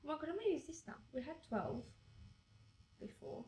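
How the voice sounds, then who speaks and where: A woman's voice: sits high, sing-song, fairly quick, crowd noise, low-quality recording. A young woman chatting casually as a tattoo client, rambling with many fillers and swearing. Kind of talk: casual chat.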